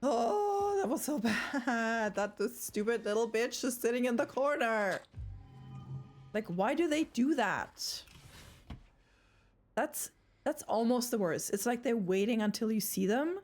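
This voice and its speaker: A woman's voice: fairly high pitch, expressive, a little slow, pauses often, a little mellow. A young woman streaming a horror game live, rambling, swearing and screaming in fright, with a throat sore from screaming.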